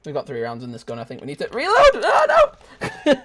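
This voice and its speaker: A young man giving lively, joking live commentary as he streams a shooter game and chats with his viewers. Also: medium pitch, fast talker, very noisy. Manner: excitable, shouts and laughs at the game; joking banter with chat. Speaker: gaming streamer.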